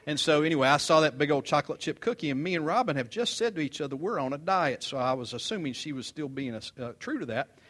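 An older man delivers a sermon with a slightly high-pitched voice. He tells stories in a chatty, animated way, rising to loud emphasis and dropping to quiet asides. His pitch moves freely through each phrase. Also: fast talker, few pauses. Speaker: pastor. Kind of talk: sermon with humorous storytelling.

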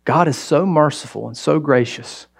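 A male pastor delivers a sermon in a conversational, storytelling way. His voice sits a little above the usual male pitch. He swings between raised, emphatic lines and soft, hushed asides to the congregation. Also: normal speed, creaky. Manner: conversational preaching with sudden loud exclamations and quiet asides.

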